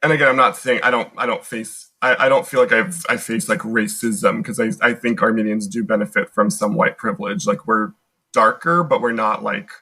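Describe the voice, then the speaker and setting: A young American man from the United States chats as a podcast guest, his loose, rambling sentences full of "like" fillers and restarts. His lowish voice is a little fast, bright, forceful, and slightly rough, with fairly even intonation. The audio quality is poor.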